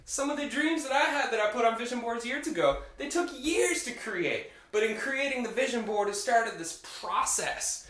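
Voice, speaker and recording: A man's voice: extremely high pitch, moderate pace, few pauses. Upbeat man vlogging in an echoey room. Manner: enthusiastic, upbeat, animated. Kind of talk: casual motivational vlog.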